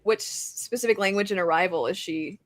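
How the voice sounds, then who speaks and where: A woman's voice: mid-range voice, moderate pace, no echo. A woman co-hosting a podcast in casual chat, talking chattily and laughing often. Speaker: podcast co-host.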